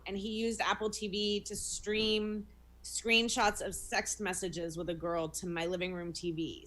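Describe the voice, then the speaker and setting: A woman's voice: medium pitch, a bit bright. A young woman comedian, a guest on a video call, telling a personal story frankly with self-mocking asides. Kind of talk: candid interview storytelling.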